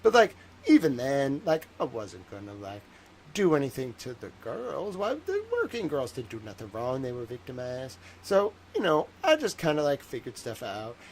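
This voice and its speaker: Animated man rambling on stream. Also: mid-range voice, moderate pace, a little hiss or hum, low-quality recording. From Massachusetts. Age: 30s. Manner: animated, swings from muttering to excited bursts; boastful, joking storyteller. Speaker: livestream host. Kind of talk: rambling livestream monologue.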